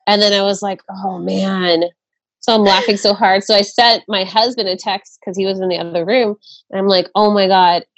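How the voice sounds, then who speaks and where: A woman's voice: mid-range voice, steady tone, moderate pace, dry recording. A young adult woman co-hosting a casual chat, chatty, crude and often laughing.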